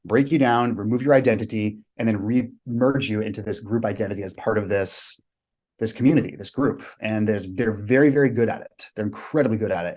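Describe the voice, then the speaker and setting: A man from the United States with a lowish voice and darkish tone guests on a podcast. He coaches clients and tells his stories vividly and forcefully, peppered with blunt swearing.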